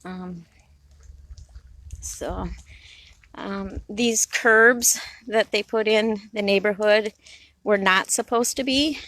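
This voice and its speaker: A woman chatting casually while out on a walk through a neighborhood, recording herself on her phone and rambling warmly about what she sees. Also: mid-range voice, slow pace, pauses often, no echo. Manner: chatty, rambling, easily delighted. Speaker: vlogger on a walk. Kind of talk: casual walking vlog. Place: outdoors in a neighborhood. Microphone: phone in hand.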